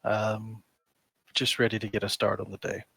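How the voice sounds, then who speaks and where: A man playing a tabletop game, speaking calmly and matter-of-factly as he plans his moves. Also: fairly low pitch, normal speed, gravelly, breathy edge. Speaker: player.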